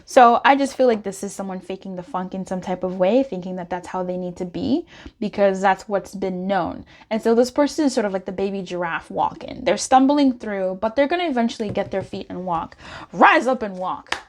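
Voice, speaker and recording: A woman doing a casual pick-a-card tarot reading, chatty and expressive as she talks straight to the viewer. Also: medium pitch, fairly quick. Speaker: tarot reader.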